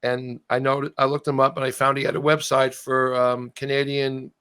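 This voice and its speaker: A man's voice: mid-range voice, completely flat delivery, moderate pace, fairly bright tone, clear, resonant tone, no echo, studio quality. A man telling a long story in a casual interview, often trailing off and starting his sentences over. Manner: rambling, trailing off and restarting. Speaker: guest musician.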